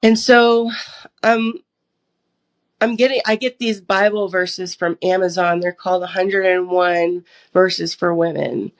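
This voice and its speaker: A woman's voice: on the low side, steady tone, unhurried. A young woman from the United States sharing a personal testimony as an interview guest, acting out her own past dialogue as she tells it. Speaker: podcast guest.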